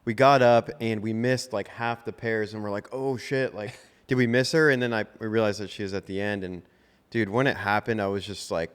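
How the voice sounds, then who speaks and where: A man's voice: lowish voice, level tone, fairly quick, smooth. A man co-hosting a podcast in casual chat, telling stories in a rambling way full of fillers. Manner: rambling, filler-heavy storytelling. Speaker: podcast co-host. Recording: long hall reverb.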